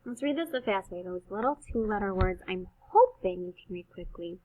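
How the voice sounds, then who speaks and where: A woman teaching first graders to read, slowly stretching out the sounds of each word in an encouraging teacher voice. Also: medium pitch, lively intonation, warm tone, distant mic, a little hiss or hum. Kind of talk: slow phonics reading lesson. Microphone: computer mic on a screen-shared video. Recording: slightly dull, lo-fi sound.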